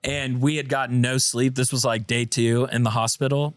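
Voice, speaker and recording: A man's voice: mid-range voice, level tone, moderate pace, dry recording, clean studio sound. A man co-hosting a podcast, telling stories animatedly and reading out listener messages. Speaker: podcast co-host. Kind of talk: casual chat.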